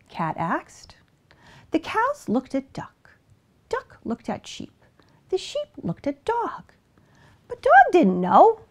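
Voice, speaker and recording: Slow, expressive woman storyteller. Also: high-pitched. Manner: expressive, animated reading. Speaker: storybook reader. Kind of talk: children's story read-aloud.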